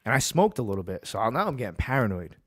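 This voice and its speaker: A man's voice: mid-range voice, very animated, fast talker, fairly bright tone, no room sound, clean studio sound. A man hosting a casual sports talk show, ranting heatedly and then telling a long story in a laid-back way. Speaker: podcast host.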